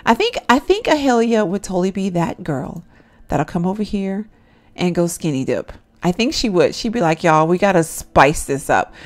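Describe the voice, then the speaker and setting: A woman's voice: mid-range voice, very animated, moderate pace, a little mellow. A young woman gives casual, chatty commentary as she plays a life-simulation game. She laughs often and talks straight to her viewers. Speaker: gameplay commentator. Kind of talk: casual let's-play commentary.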